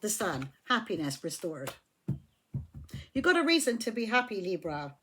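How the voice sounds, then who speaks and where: A woman's voice: mid-range voice, sing-song, moderate pace, music in the background. A woman giving a casual tarot reading, blunt and emphatic, swearing when riled. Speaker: tarot reader.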